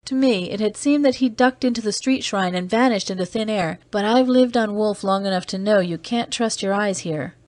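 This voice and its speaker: A terse, weary agent tells his own story, read by a woman in an audiobook. The delivery is steady and measured, recorded dry and close. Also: medium pitch, no room sound, natural voice. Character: weary man, seasoned off-world agent, terse. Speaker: audiobook reader. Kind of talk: scripted narration.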